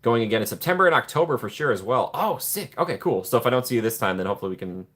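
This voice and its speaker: Casual male streamer reading chat, friendly, talkative, average pitch. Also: very fast. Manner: friendly, chatty, addresses viewers by name; playful put-on excited voices when joking. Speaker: livestream host reading chat.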